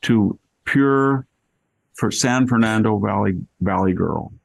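A man's voice: fairly low pitch, slow, creaky, dry recording, low-quality recording. An older man hosting a podcast, chatting casually and telling anecdotes with plenty of asides. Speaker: podcast host. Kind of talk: casual chat.

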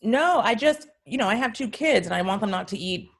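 A woman's voice: fairly high pitch, expressive, fairly quick, vocal fry, breathy edge. A woman, chatting as a podcast guest, telling blunt stories and acting out what people said. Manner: blunt, storytelling with quoted voices. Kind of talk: casual chat.

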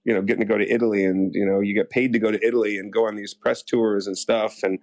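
A man's voice: fairly low pitch, fast, dry recording. A man from the United States, an actor telling stories in a casual interview, rambling with lots of restarts. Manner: rambling, animated, full of restarts and acted-out quotes.

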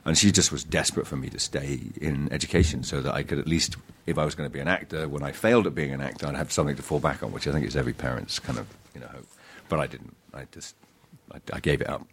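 A man, an actor, chatting in an interview, halting with many restarts and fillers, self-deprecating. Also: very deep voice, a little hiss or hum. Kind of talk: casual interview chat.

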